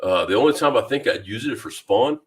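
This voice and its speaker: Deep-voiced man hosting a fishing live stream. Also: lively intonation, fast talker, husky. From Louisiana. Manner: easygoing, greets viewers by name, many ums and restarts. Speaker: fishing channel host. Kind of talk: casual live-stream chat reading viewer comments. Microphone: new microphone.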